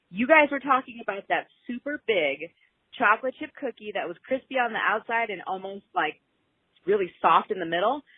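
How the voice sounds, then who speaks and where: Woman caller, 30s, animated voicemail, phone-line sound. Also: mid-range voice, no room sound. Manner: chatty, animated storytelling. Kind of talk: voicemail message. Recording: husky voice over a tinny phone line.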